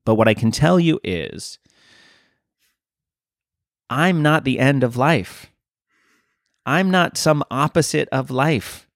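Man playing an easygoing male Grim Reaper, calm, matter-of-fact, dry close sound. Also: mid-range voice, takes it slowly, pauses often, dry recording, pitched above the performer's own voice. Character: casual, good-natured male Grim Reaper.

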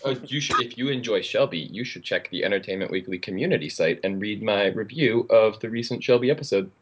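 Quick-talking man with a very low voice. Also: slightly rough, lo-fi sound. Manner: quick, chatty, eager. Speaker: guest contributor. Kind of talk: casual podcast chat.

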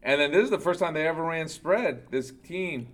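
A man's voice: a little high, animated, moderate pace, fairly bright tone. A man in casual chat, retelling a film scene by scene and acting out the characters' lines. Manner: rambling, acts out quoted lines in changed voices.

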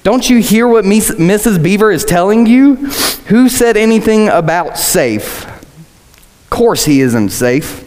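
A man's voice: sits high, lively intonation, a little slow, a little mellow, voice pushed up. A man reading aloud the lines of a stern male beaver from a storybook, in a raised, emphatic voice.

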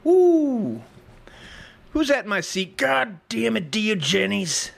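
Man doing an outraged old-time teacher, shouting high. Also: lively intonation, slow pace, gravelly, exaggerated voice. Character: indignant male ancient teacher, outraged.

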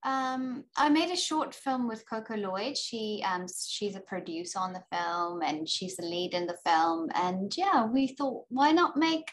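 A young adult woman with a South African accent talks easily in a casual interview, pitched in the middle range. She speaks freely, often stopping to add "you know" while she gathers her thoughts. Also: measured pace, few pauses. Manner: chatty, frequent "you know" fillers. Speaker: actor and filmmaker guest.

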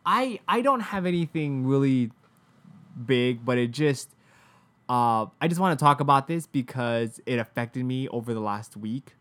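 A man's voice: medium pitch, lively intonation, measured pace, fairly bright tone. Chatty man telling a story. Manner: chatty storyteller, many fillers and restarts. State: in pain from a medical issue. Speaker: podcast co-host. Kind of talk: casual chat.

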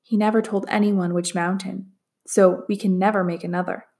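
A woman voicing a wise older male master painter who speaks in a measured, hushed way in a storybook reading. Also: mid-range voice, little pitch movement, lightly acted.

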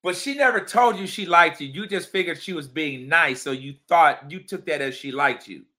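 A man co-hosting a casual podcast chat, teasing his co-host and asking probing questions between loud laughs. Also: on the high side, normal speed.

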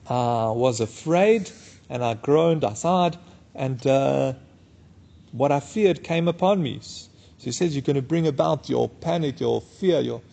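A man giving a daf yomi Talmud class, reading the Aramaic text and explaining it in English in a casual, unhurried way. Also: mid-range voice, creaky, dark tone, husky. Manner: casual and unhurried, with many fillers. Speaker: Talmud teacher.

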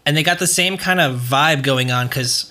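A young man hosting a podcast in loose, rambling chat, swearing freely as he goes. His voice is bright and forward, pitched in a middle range. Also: moderate pace. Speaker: podcast host. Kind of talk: casual chat.

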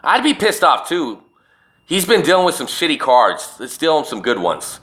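A man's voice: fairly high pitch, very animated, normal speed, fairly bright tone. A man hosting a solo podcast, talking in a rambling, profane and emphatic way. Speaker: podcast host. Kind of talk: casual solo podcast rant.

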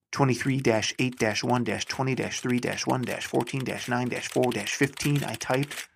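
A man's voice: medium pitch, creaky. A man reading a short story aloud in the first person, with a wry, understated delivery.

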